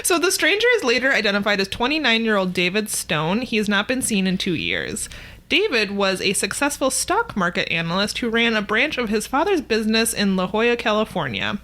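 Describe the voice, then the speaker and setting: A woman's voice: medium pitch, sing-song, brisk, sharp tone. A woman co-hosting a podcast, recapping a TV episode in a dry, wry casual chat. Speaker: podcast co-host.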